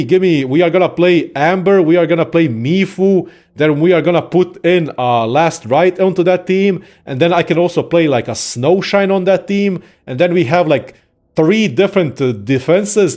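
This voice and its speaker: A young man casually ranting about games in a profane, excitable, rambling way as a content creator. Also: fairly high pitch, normal speed. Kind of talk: casual gaming rant.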